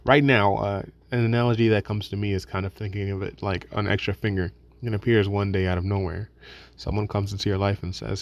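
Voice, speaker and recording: A man with a lowish voice narrating a reflective video essay, recorded dry and close. He talks casually and swears freely, stumbling into restarts and slipping into little acted asides. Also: steady tone, brisk, no room sound, lo-fi sound.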